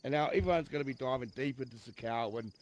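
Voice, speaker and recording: A man's voice: mid-range voice, fast talker, a little hiss or hum. A man on a podcast panel, raising a thoughtful, rambling question in casual chat.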